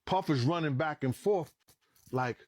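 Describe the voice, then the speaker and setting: A middle-aged man telling a story as a podcast guest in a casual, animated way, swearing freely and acting out what people said. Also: on the high side, measured pace, dry recording, clean studio sound. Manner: animated, acts out quoted dialogue, swears freely.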